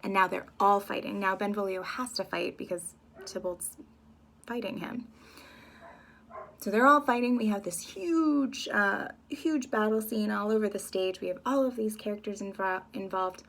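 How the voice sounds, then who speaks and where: A woman's voice: mid-range voice, moderate pace, creaky. A woman teacher explaining a play scene by scene in a casual, chatty way.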